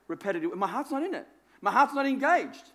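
A man's voice: very high voice, very animated, brisk, a bit bright. A man preaching a sermon in a conversational, self-deprecating way, repeating phrases for emphasis. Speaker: pastor.

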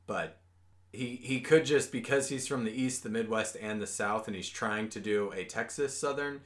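A man's voice: on the low side, moderate pace. Swearing, joking male podcast co-host. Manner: joking, swears freely, animated bursts. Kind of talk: casual podcast chat.

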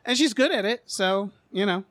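A man's voice: high voice, expressive, normal speed, a bit bright, no echo. A man co-hosting a podcast, chatting casually about movie trailers with many restarts and fillers. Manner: rambling, frequent restarts and fillers. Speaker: podcast co-host.

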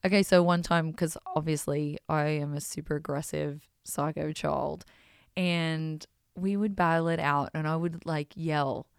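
A woman hosting a podcast, telling stories in an animated, self-mocking way and swearing freely. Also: sits low, measured pace, gravelly, clean tone, no room sound, clean studio sound. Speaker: podcast host. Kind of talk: casual storytelling.

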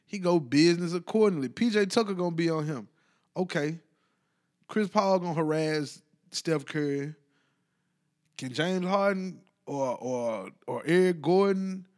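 A man giving casual, animated sports commentary, rambling and colloquial. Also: sits high. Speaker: basketball commentator.

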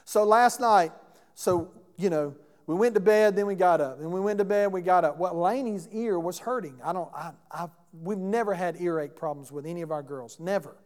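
A man whose voice sits high, speaking at a moderate pace, preaches a sermon as pastor in a church sanctuary. He tells a story conversationally and puts questions to the congregation, with long church hall reverb on the recording.

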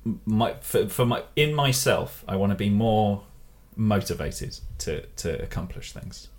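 A man guesting on a comedy podcast, talking in a hesitant, halting way. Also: lowish voice, lively intonation, slight background noise.

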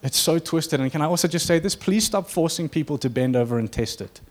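A man's voice: a little high, animated, brisk. Earnest conversational male preacher. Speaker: pastor. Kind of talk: sermon.

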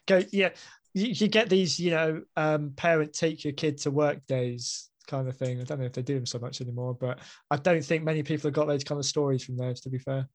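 A man's voice: a little high, fairly even intonation, brisk. A man hosting a casual interview, agreeable, giving short replies and then asking long, winding questions. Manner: agreeable, frequent short backchannels. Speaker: podcast host.

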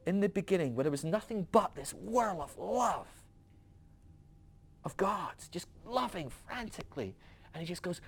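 A man hosting a podcast, talking through ideas in an animated, rambling way with frequent restarts. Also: high voice, normal speed, breathy edge. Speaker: podcast host. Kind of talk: casual philosophical teaching.

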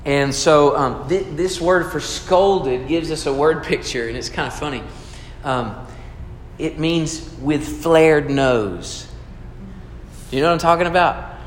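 With a voice on the high side and a slightly slow pace, the pastor preaches earnestly and conversationally, questioning his listeners. A little hiss or hum is audible, and the hall's echo creates long reverb.

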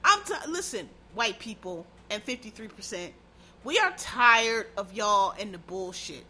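A woman's voice: mid-range voice, animated, a little slow, pushed and bright, breathy edge. Blunt, profane woman ranting. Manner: blunt, profane, heated and sarcastic. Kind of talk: casual ranting commentary.

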